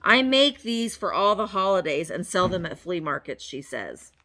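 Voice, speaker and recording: A woman's voice: on the low side, sing-song, moderate pace, sharp tone. A woman vlogger chatting casually as she unboxes a package, gushing over each item and talking playfully to the objects. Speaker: reseller vlogger.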